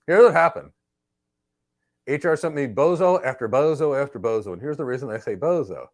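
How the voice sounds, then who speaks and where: A middle-aged man hosting a live career Q&A, telling stories in an emphatic, animated way. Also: mid-range voice, a little fast. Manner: emphatic, animated storyteller who acts out exchanges. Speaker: host and cloud career trainer. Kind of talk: live Q&A with storytelling.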